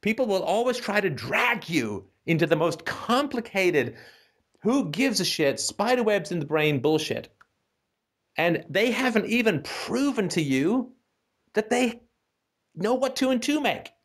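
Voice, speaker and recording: A male talk host who rants in a casual, animated way with a fairly high voice that swoops all over. He keeps firing rhetorical questions and tagging his points with "right?" as he lectures a caller. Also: unhurried. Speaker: call-in show host. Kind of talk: casual ranting monologue.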